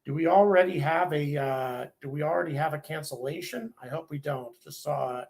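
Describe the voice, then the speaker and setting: A man's voice: fairly high pitch, creaky, darkish tone. American guy on a live stream, reading off where viewers are from, lots of ums. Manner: reads out viewer locations, thanking them one by one; halting, with frequent ums and restarts. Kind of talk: casual live-stream chat.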